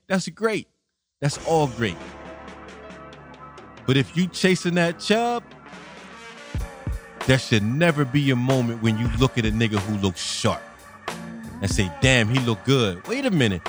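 A man in a casual monologue rant, blunt, profane and exasperated. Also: mid-range voice.

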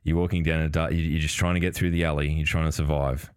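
A man's voice: extremely low pitch, flat delivery, quick pace, clean tone. A man hosting a casual chat show, rambling and swearing with frequent laughter. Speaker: podcast host.

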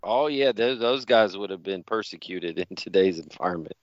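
A man's voice: sits low, lively intonation, normal speed, dry recording. Man cracking dry jokes on a dull mic. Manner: dry, joking asides. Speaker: podcast co-host. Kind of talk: casual chat.

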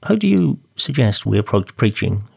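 Man, low voice, gravelly, affirming, tag questions, reads scripture slowly. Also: sing-song, a little mellow. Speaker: co-host asking about sermons. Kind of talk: conversational discussion and scripture reading.

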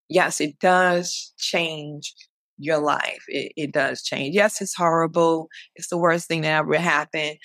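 A woman's voice: fairly low pitch, fairly bright tone, dry recording. A young woman, a guest on an interview podcast, talking earnestly and encouragingly with many repetitions. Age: young adult. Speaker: guest, cancer survivor. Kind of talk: conversational interview.

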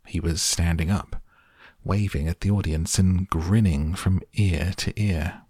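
A man narrating a children's story aloud in a measured, expressive storytelling manner. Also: deep voice, slightly rough, no echo, studio quality. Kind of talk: scripted audiobook narration.

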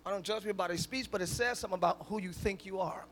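A male pastor with a very high, bright, forceful voice delivers a live church sermon. He moves from quiet, chatty asides to big shouted lines and pulls the congregation into call-and-response. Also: fast. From northern United States. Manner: preaching with call-and-response, swinging from soft asides to loud shouts. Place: church sanctuary, live service.

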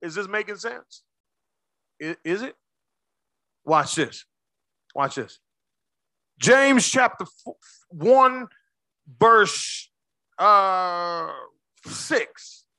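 A man preaching a sermon as pastor, quizzing his congregation with quick questions and slowing down hard to stress key words. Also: sits high, animated, sharp tone, dry recording. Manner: call-and-response questions to the congregation.

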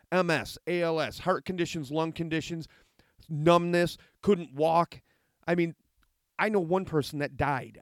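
A man's voice: on the high side, no echo, clean studio sound. A middle-aged man giving a heated, argumentative monologue, reading out a letter and rebutting it with sarcasm. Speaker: commentator reacting to a letter.

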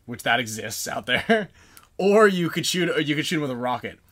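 A man hosting a podcast, telling a lively story in casual chat and acting out the people in it. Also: fairly high pitch, a little fast. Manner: animated storyteller, acts out voices, frequent laughs. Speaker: podcast host.

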